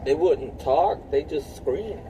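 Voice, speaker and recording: A man's voice: fairly high pitch, slow pace, mellow, slight background noise, rough recording. A man in his thirties talking in a casual, rambling monologue, full of filler words and swearing. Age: 30s. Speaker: vlogger.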